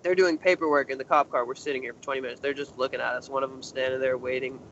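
A man's voice: medium pitch, racing. A young man, a guest in an interview, casually telling a story and acting out what others said. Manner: animated, acts out other people's lines in a raised voice. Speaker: interview guest, urban explorer. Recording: slightly muffled with faint noise.

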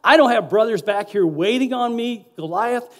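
A man's voice: very high-pitched, expressive, moderate pace, pitched above the performer's own voice. A man preaching a sermon, voicing a young male shepherd boldly declaring his faith to a giant. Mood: defiant. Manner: bold, declaring.

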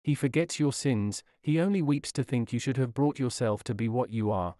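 A man's voice: mid-range voice, expressive, moderate pace, few pauses, warm tone, dry recording, studio quality. A man reading an old-fashioned sermon aloud in an earnest, formal preaching manner. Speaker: sermon reader. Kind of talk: read Victorian sermon.

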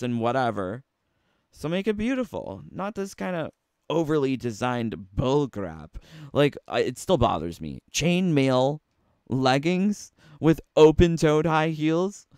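A man's voice: mid-range voice, smooth, no echo, clean studio sound. A man giving casual, playful commentary on video game costumes, sassy and full of rhetorical questions. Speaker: gaming YouTuber.

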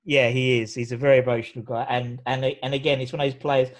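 A man's voice: mid-range voice, level tone, quick pace, crowd noise. A man interviewing a guest, asking questions and giving frequent short agreements.

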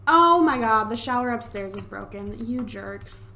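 Young woman, let's play commentary, chatty, excitable, swears casually, slightly high voice, home desktop mic. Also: measured pace, gravelly. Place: home room. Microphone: desktop USB microphone.

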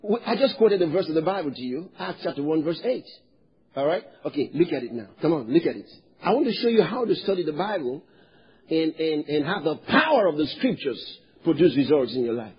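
A man from Nigeria preaching a sermon as pastor, animated, drawing responses from the congregation and rising to loud emphatic shouts. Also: a little high, a little fast, breathy edge, muffled recording.

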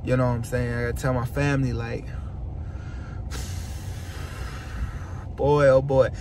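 A man vlogging casually from inside a car, excited and repeating himself as he teases an announcement to his viewers. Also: medium pitch, takes it slowly. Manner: excited, repetitive, keeps teasing an announcement. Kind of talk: casual vlog to camera. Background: faint car noise.

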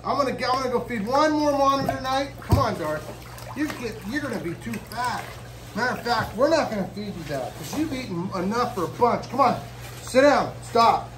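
Brief: high-pitched, excitable male zookeeper vlogging at feeding time, mic a bit far off. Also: moderate pace, noisy background. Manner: excitable, lots of whoas, coaxing animals. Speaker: reptile zoo keeper. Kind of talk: casual vlog narration while feeding animals. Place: reptile zoo after hours.

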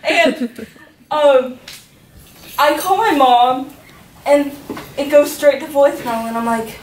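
High-voiced teen girl, distant and echoey. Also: takes it slowly, a little hiss or hum. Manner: chatty, filled with "like", laughing often. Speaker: youth group member giving a testimony. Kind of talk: personal faith testimony talk. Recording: echoey room, faint ambience, from far off.

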